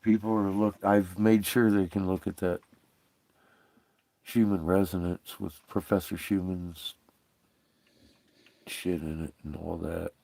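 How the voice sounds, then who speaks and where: A man's voice: deep voice, little pitch movement, slow pace, gravelly, long pauses, warm tone, no room sound. A man hosting a livestream, rambling and profane in casual chat, often breaking into laughter. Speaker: livestream host.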